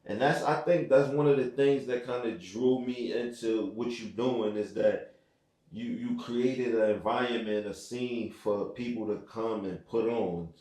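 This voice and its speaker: A man's voice: medium pitch, unhurried, darkish tone, roomy sound, distant mic. A man hosting a podcast in a casual interview chat, talking laid-back and slangy with lots of fillers. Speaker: podcast host.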